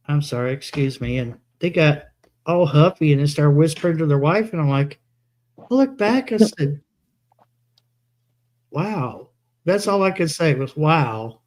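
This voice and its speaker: A man's voice: a little high, darkish tone. A man telling long rambling anecdotes in a casual live chat, quoting himself as he goes. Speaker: co-host.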